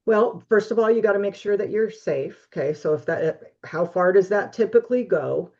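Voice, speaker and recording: A woman guest giving steady, practical advice in a webinar interview over a video call. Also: medium pitch, moderate pace, highs cut off. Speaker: guest expert on relationships.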